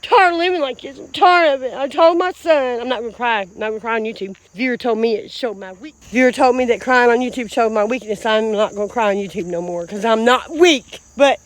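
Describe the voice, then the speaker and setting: Woman vlogger, high-pitched, profane and repetitive, recorded outdoors in the country. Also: brisk, few pauses, dry recording. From Indiana. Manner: blunt, profane, fired-up and repetitive. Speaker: vlogger in recovery. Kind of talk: emotional straight-to-camera vlog. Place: outdoors in a rural field.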